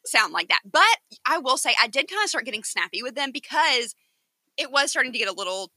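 A woman co-hosting a casual podcast, telling a story with emphatic, defensive energy. Her voice is very bright and swings through a lively range. The sound is dry and close. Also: high-pitched, brisk, no room sound. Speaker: podcast co-host. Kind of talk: casual chat.

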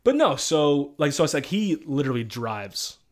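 A man's voice: fairly high pitch, big pitch swings, moderate pace, a little mellow. Rambling young man telling stories. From Missouri. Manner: rambling, storytelling, laughs often. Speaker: podcast host. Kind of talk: casual chat.

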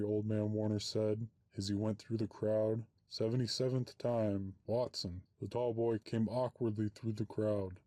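A man's voice: lowish voice, warm tone, no echo. A man reading a short story aloud, voicing every character in the same plain way. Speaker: narrator.

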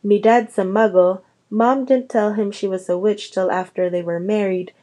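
A woman's voice: medium pitch, fairly even intonation, moderate pace, warm tone, natural voice. A woman voicing an eager, curious young schoolboy in a storybook reading.

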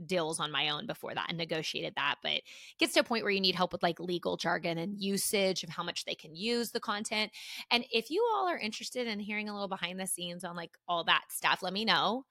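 Brief: podcast host, woman in her thirties, rambling and chatty, bright tone, dry close sound. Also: on the low side, no room sound. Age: 30s. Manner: chatty, rambling, many fillers. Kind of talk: casual storytelling chat.

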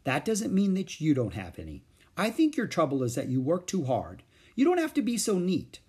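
A gentle, encouraging woman art teacher, put on by a man reading a storybook. Her voice sits higher than his own and keeps a husky, soft texture. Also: huge pitch swings, normal speed, full character voice.

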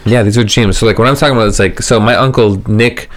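A man's voice: lowish voice, steady tone, fast talker. A man telling a long story in casual podcast chat, rambling and full of fillers, swearing casually.

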